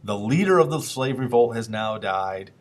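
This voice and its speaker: A man's voice: on the low side, expressive, moderate pace. A man teaching a history lesson in a casual, conversational way, asking the class questions and briefly acting out historical figures.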